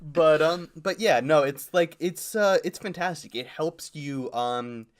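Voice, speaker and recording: A man's voice: fairly high pitch, unhurried. A young man co-hosting a podcast in casual chat, rambling with lots of fillers. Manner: rambling with many fillers and laughs. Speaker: podcast co-host.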